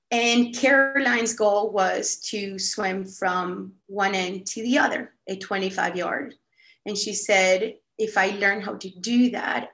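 A woman telling a story casually on a podcast, animated and full of "like" fillers. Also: mid-range voice. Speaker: podcast guest. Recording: echoey room.

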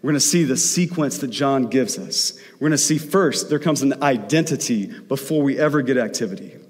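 A man's voice: mid-range voice, brisk, darkish tone, long reverb tail. A man preaching a sermon as pastor, telling stories in a conversational way.

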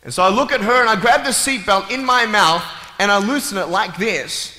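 A young man with a high voice gives a brisk, humorous speech to a live audience, telling stories in a playful, joking, lively way as a motivational speaker. He's in a large hall, and the recording is echoey with faint ambience.

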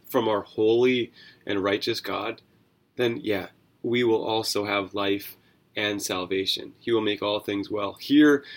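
Male podcast host, low gravelly voice, earnest conversational commentary with asides. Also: a bit bright. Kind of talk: devotional Bible commentary.

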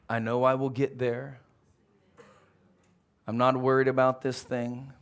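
A man preaching a sermon as pastor, animated, who keeps throwing questions out to his congregation. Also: mid-range voice, measured pace, clean tone.

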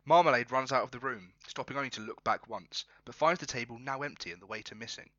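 Male storyteller, very bright tone, dry and slightly muffled recording. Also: mid-range voice, fast, no echo. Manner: often breaks into laughter while narrating. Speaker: storyteller and co-host. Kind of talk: reading a comic interactive story.

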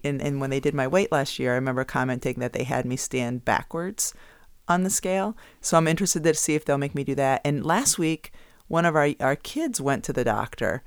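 A man co-hosting a podcast in casual chat, telling stories and getting animated when he quotes others. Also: on the high side, clear, resonant tone, dry recording. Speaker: podcast co-host; youth basketball coach.

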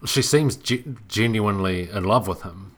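A man with a very deep voice recaps a film plot in casual podcast chat. He talks haltingly, restarting phrases as he goes. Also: fairly bright tone.

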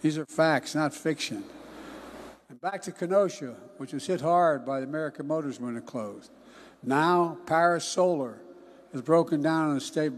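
An older man giving a political speech in a folksy, emphatic way, often dropping into hushed asides. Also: a little high. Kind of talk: political campaign-style speech.

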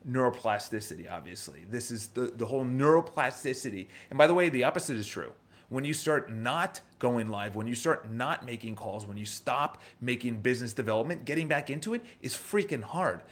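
With a medium-pitched, expressive voice and a fairly quick pace, a New York-accented man in his thirties hosts a casual motivational livestream. He speaks emphatically, repeats himself, and asks lots of rhetorical questions.

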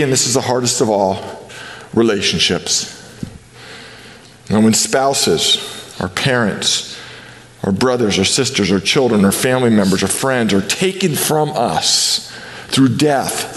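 A middle-aged man preaching a conversational sermon as a pastor, acting out quoted dialogue with lively shifts. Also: mid-range voice. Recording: long hall reverb.

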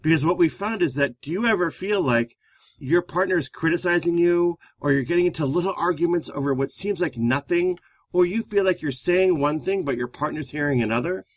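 A fairly high-voiced man talks through relationship advice as a therapist and co-host. He explains steadily and turns to the audience with questions. The sound is close and dry, with no room around it. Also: brisk, no room sound. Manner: steady, explanatory, addresses listeners directly. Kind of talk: conversational relationship advice show.

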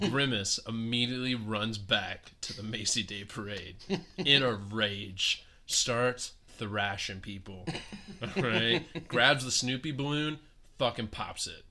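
Bright voiced guy rambling thru a silly made-up story, slow and laughing. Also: mid-range voice. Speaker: podcast co-host. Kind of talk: improvised comedic storytelling.

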